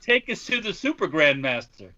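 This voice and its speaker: Male co-host, rambling and dry-sarcastic, lively pitch; muffled remote line. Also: normal speed. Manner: sarcastic, rambling, restarts phrases. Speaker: podcast co-host who works in a gun shop. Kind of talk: casual podcast chat.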